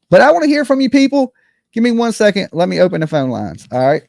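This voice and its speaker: A man's voice: sits high, big pitch swings, fast talker, creaky, a little mellow, no room sound, clean studio sound. A man hosting his own online show, ranting in a casual, boastful and joking way, swearing freely and asking his listeners if they follow him. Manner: boastful, profane, jokey, keeps asking "you know what I'm saying".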